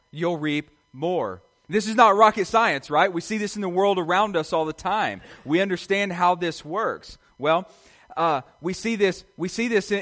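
A man's voice: on the high side, fairly bright tone. A man preaching a sermon as pastor, earnest and repetitive, often asking rhetorical questions to his congregation.

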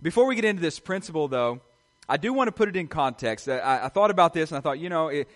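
A man's voice: fairly high pitch, expressive, quick pace. A man preaching a sermon as pastor, earnest and repetitive, often asking rhetorical questions to his congregation.

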